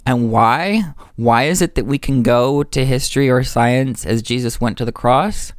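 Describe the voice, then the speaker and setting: A man's voice: medium pitch, moderate pace, clear, resonant tone, dry recording, studio quality. A man talking earnestly and with enthusiasm about faith, explaining ideas and correcting himself as he goes. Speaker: religious discussion speaker. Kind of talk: earnest religious discussion.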